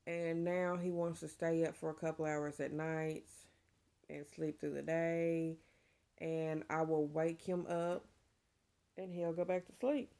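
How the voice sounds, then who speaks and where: Emotional woman, low and gravelly. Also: flat delivery, unhurried, warm tone. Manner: chatty and emotional, saying y'all. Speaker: vlogger. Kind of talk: casual chat to camera.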